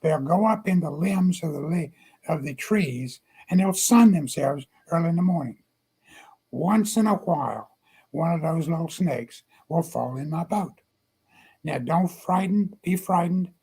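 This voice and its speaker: An older man, a guest, tells stories in a folksy, homespun manner. His voice is husky and sits a touch high. He sprinkles practical advice between the turns of the tale. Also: expressive, unhurried, darkish tone, poor audio. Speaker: guest storyteller. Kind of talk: folksy storytelling.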